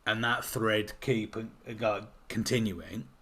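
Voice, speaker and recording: A man's voice: fairly low pitch, slow pace, a bit bright. A man from the UK co-hosting a podcast in casual chat, blunt and opinionated with casual swearing. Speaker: podcast co-host.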